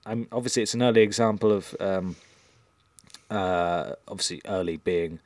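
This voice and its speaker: A man's voice: sits low, moderate pace, no echo, clean studio sound. A man co-hosting a podcast in casual chat, rambling and hesitant with lots of um and uh. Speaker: podcast co-host.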